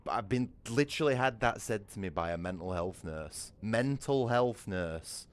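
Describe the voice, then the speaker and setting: On his gaming livestream, a British streamer rambles casually, swears a lot, and keeps asking "you know what I mean." His low voice has lively intonation and a moderate pace.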